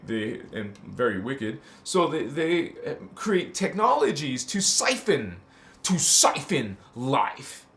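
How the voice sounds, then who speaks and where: In this spiritual livestream sermon, the male host speaks with a slightly high, somewhat bright voice. Casual but impassioned, he addresses his audience as "honey" and slips into chanting syllables.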